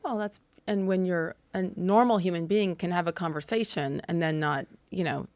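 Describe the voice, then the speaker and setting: A woman's voice: lowish voice, darkish tone, no echo. A middle-aged woman hosting an interview show, speaking earnestly and reflectively in a casual conversation. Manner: earnest, reflective, quick to agree. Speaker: podcast host.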